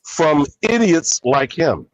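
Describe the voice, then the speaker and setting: A man's voice: a little high, sing-song, slow pace, a little hiss or hum, rough recording. A man on an online panel arguing insistently, lecturing and refusing to be interrupted. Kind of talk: heated online panel argument.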